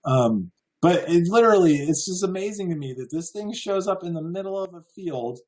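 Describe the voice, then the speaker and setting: A man's voice: sits high, expressive, brisk, darkish tone, poor audio. An American man giving a casual slideshow lecture, earnest and full of wonder, chuckling now and then. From United States. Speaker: presenter.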